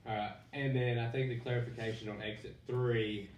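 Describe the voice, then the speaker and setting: A man's voice: medium pitch, steady tone, fairly quick, darkish tone. A man on a city council pressing with questions and asking for clarification, heard from a distant mic. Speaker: council member. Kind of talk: questions at a public meeting. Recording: echoey room, distant mic, faint noise.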